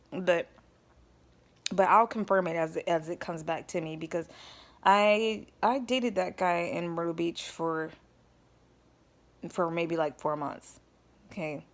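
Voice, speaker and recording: A woman vlogger telling a personal story in a rambling, casual way, often stopping to check in with her listeners. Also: lowish voice. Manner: rambling, checks in with listeners, addresses them as y'all.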